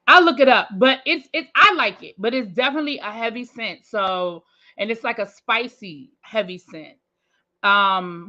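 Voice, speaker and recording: A woman's voice: a little high, sharp tone. A woman hosting a casual livestream, greeting viewers by name in a chatty, familiar way. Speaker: livestream host. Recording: slightly dull lo-fi stream audio.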